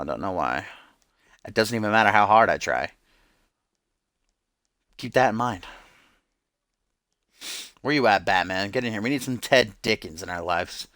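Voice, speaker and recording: A man's voice: on the low side, a bit bright, dry recording, studio quality. A man hosting a game stream, calling the matches like a loose, joking wrestling announcer. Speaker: streamer and host. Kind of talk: mock wrestling commentary over a video game.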